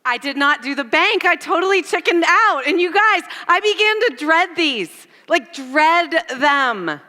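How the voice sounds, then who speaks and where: Bright high-voiced woman preaching. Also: measured pace, big-room sound. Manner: animated, self-deprecating storytelling. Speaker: church speaker. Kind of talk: storytelling sermon.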